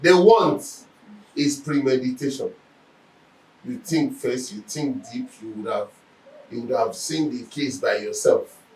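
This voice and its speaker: A man's voice: mid-range voice, a little slow, long pauses, distant mic. Man teaching in an echoey room. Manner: animated storytelling, acts out quoted speech. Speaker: Bible teacher. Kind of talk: Bible lesson.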